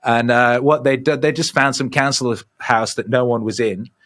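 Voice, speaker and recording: A middle-aged man, a podcast guest, telling rambling, animated stories with lots of swearing. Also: mid-range voice, moderate pace. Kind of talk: casual storytelling.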